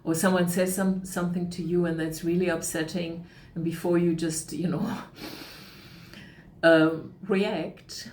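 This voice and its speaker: A middle-aged woman talks as a coach in a calm, reflective manner. She sometimes acts out the thoughts in someone's head. Her voice sits a little low, and the call sounds echoey with a faint background hiss. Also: measured pace. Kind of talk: talk on emotional coaching. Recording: echoey room with faint noise.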